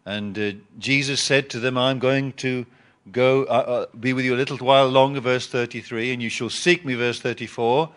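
A man preaching a Bible teaching sermon, reading scripture and explaining it with emphatic rises and pauses. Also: mid-range voice, a bit bright, clear, resonant tone. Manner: reads scripture aloud and repeats words.

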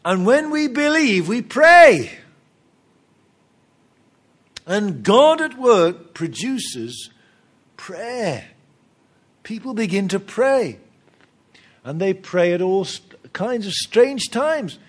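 A man's voice: sits high, big pitch swings, extremely slow, pauses often. A man preaching a sermon with humor, acting out little dialogues and chuckling at his own jokes.

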